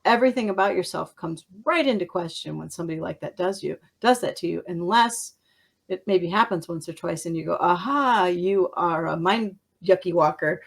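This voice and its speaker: A middle-aged woman hosting an interview, telling stories in a casual, animated way, laughing often and acting out what others said. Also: fairly low pitch, brisk, vocal fry, husky. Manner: animated storyteller, laughs often, acts out quotes. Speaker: podcast host.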